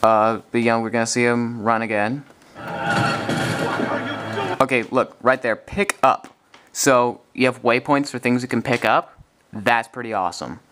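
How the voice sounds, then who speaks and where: Excited young man commenting on gameplay. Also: medium pitch, measured pace, pauses often, slight background noise. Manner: excited, rambling, with self-corrections. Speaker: gaming video commentator.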